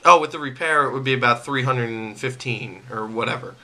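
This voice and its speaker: A man's voice: medium pitch, a little fast, pushed and bright. A man venting to camera about a refund, irritated and repeating himself, with stammering restarts. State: angry. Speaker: vlogger.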